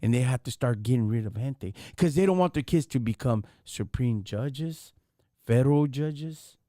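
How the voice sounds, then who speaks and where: Male streamer, slangy and animated, rhetorical questions, dry close mic. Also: medium pitch, normal speed, no room sound. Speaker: live stream host. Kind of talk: casual live stream talk.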